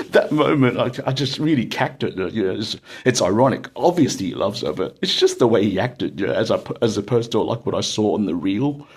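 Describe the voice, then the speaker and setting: A man's voice: on the low side, expressive, brisk, hardly any pauses, slightly rough. An Australian man telling a casual, rambling anecdote full of fillers and bursts of laughter. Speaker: storyteller.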